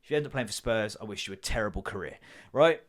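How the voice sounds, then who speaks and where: Animated and quick, with a fairly low pitch, this solo podcast host in his thirties spins jokey, profanity-laced stories. Every so often he drops into mock voices.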